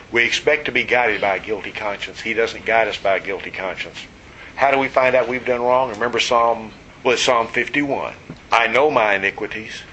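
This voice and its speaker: A man's voice: on the low side, slight background noise, rough recording. A man preaching a sermon in a conversational, teasing way, asking the congregation questions. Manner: conversational, teasing, animated storytelling. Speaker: pastor.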